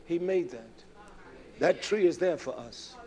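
A man's voice: animated, a little slow. Impassioned preacher in his fifties. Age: 50s. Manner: impassioned, swinging from shouts to low murmurs. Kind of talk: sermon.

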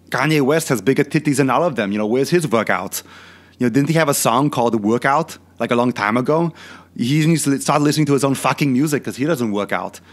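Lightly acting in his mid-range voice, the fitness channel host takes on the role of a crude, boastful older Austrian bodybuilder who went into films. It's a comedic rant in an exaggerated fake Austrian accent, peppered with repetitive filler questions.

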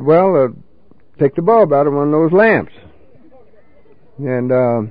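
A man's voice: a little high, no echo, narrow, tinny audio. An older man telling a folksy, salty story of his drinking days to a recovery meeting, peppering it with "you know.".

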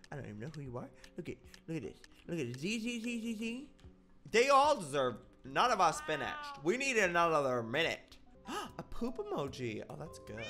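A young man in his twenties giving excitable let's-play commentary, dramatic and given to silly exclamations and mock-outraged shrieks. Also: mid-range voice, gravelly. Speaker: gaming YouTuber.

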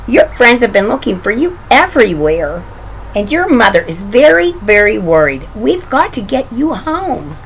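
A woman's voice: on the high side, big pitch swings, normal speed, slight background noise, low-quality recording. A woman doing a friendly sheepdog. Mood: reassuring. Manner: warm, reassuring voice. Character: friendly, caring male sheepdog.

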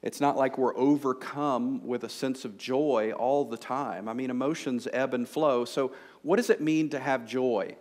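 A man delivers a sermon to a congregation in a relaxed, conversational way. His voice sits at a middle pitch, and he leans on fillers and quick jokes as he talks. It sounds like a live church message rather than a scripted reading. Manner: conversational, humorous, lots of fillers. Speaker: pastor. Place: church sanctuary before a congregation.

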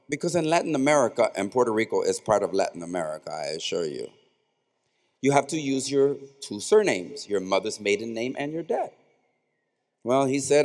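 A man's voice: medium pitch, expressive, fairly quick. Impassioned male speaker in an echoing arena. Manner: impassioned oratory with rhetorical repetition. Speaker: commencement speaker. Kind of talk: commencement speech. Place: large indoor arena at a graduation ceremony. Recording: echoey arena with long reverb.

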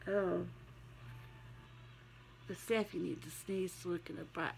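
Gravelly Southern woman reading scripture. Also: fairly low pitch, steady tone, unhurried, a little hiss or hum, rough recording. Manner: homey, encouraging, chatty asides. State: has a cold, sniffling and sneezing. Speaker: Christian devotional vlogger. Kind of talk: devotional talk with scripture reading.

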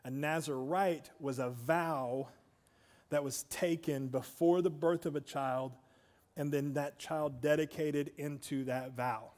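A man's voice: a little high, steady tone, slow, a little mellow, big-room sound. A man preaching a sermon in a church, conversational, with asides to the congregation. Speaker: pastor. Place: church sanctuary.

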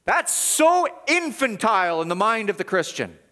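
Pastor guy preaching in church, kinda high voice, hammers words over and over, gets loud then drops real quiet. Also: very animated, moderate pace. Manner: emphatic, repeats words for stress; swings from loud urgency to quiet gravity. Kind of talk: sermon.

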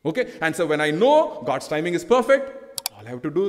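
A man's voice: on the high side, big pitch swings, fairly quick, slight background noise. A middle-aged man with an Indian English accent preaching a sermon, repeating phrases emphatically and asking rhetorical questions. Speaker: pastor. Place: church hall. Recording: long church hall reverb.

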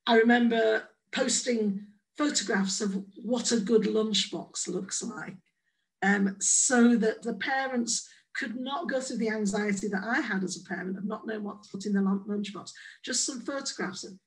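An English woman presents at a conference with a fairly high voice. She talks with a playful, lively manner and slips into little acted voices for the examples she quotes. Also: low-quality recording. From England. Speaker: conference speaker.

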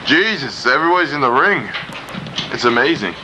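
A man doing profane, excited play-by-play of a backyard wrestling match while filming it, gasping and laughing. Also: medium pitch, fairly quick, heavy background noise. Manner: swears often, loud gasps and laughs. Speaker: backyard wrestling commentator and cameraman.

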